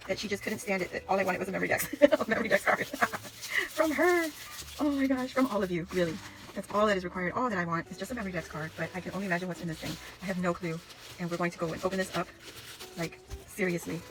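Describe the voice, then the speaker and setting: A woman's voice: medium pitch, a bit bright, slight background noise. A woman vlogger chatting casually to the camera as she unboxes gifts, gushing and effusive, laughing often and exclaiming in delight. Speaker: craft vlogger opening gifts.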